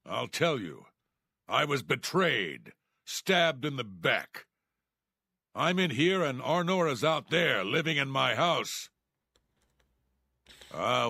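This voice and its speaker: Gravelly husky jailbird thief in a fantasy game, bitter and scheming, dry close sound. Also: male voice, mid-range voice, sharp tone, no echo, full character voice. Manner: resentful, conspiratorial storytelling. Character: bitter jailed male thief seeking revenge.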